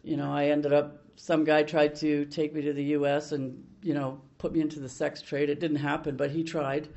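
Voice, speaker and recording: Older woman, frank and salty, telling her recovery story; gravelly, dull lo-fi tape. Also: sits low, flat delivery, normal speed, darkish tone. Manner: blunt, salty storytelling with many restarts. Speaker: recovery meeting speaker. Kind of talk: personal recovery story told to a meeting.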